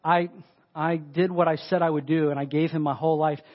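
A man with a high voice preaches a sermon, talking in a loose, conversational way and pressing hard on his points. The recording is dull and lo-fi. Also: little pitch movement, brisk. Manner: conversational and emphatic, with frequent "like". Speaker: pastor.

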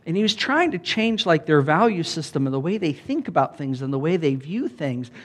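A pastor with a somewhat high voice delivers a sermon in a relaxed, chatty way. He talks like he is speaking with friends and keeps checking in with his listeners. His delivery swings between easy asides and animated emphasis. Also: a little fast. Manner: conversational, animated preaching with many "like"s and calls of "Amen?".

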